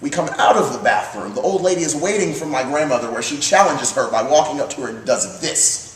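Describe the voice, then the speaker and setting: A man's voice: mid-range voice, animated, brisk. A man co-hosting a casual comedy chat show, brash and profane, rambling through stories. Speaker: co-host. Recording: roomy, distant mic, light hiss.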